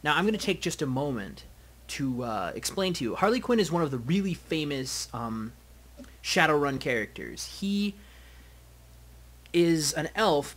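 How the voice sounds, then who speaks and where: A man's voice: a little high, a bit bright. Chatty man doing game commentary. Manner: chatty, swears, laughs. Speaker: let's play host. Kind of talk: casual gameplay commentary.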